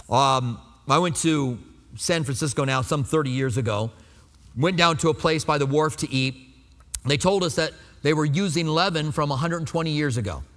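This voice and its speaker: A man's voice: on the high side, fairly bright tone, long reverb tail. A pastor in his fifties preaching a sermon in a conversational way, asking the congregation rhetorical questions.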